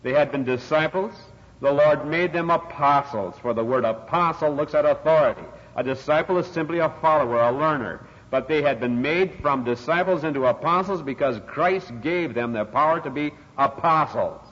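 A man's voice: fairly high pitch, normal speed, fairly bright tone. An older man preaching an expository sermon, stressing key words and rising sharply for emphasis. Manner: emphatic, dramatic rises on scripture quotes. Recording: dull, lo-fi, long reverb in a hall.

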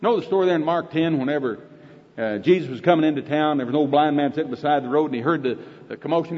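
A man's voice: on the high side, fast talker, a little mellow. A man with an Oklahoma accent preaching a sermon in a folksy, emphatic way, quoting scripture often. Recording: dull recording with long hall reverb.

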